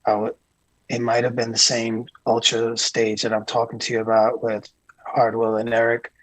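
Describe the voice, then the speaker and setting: A man being interviewed as a guest, a tour manager telling calm, earnest stories with frequent restarts. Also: medium pitch, moderate pace, no echo, poor audio. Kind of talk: casual interview chat.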